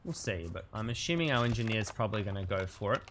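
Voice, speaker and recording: A man's voice: fairly low pitch, animated, fast talker, fairly bright tone, slight background noise. A man streaming a game, giving cheeky, scheming commentary with chuckling asides. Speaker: streamer playing a social deduction game. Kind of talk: gameplay commentary.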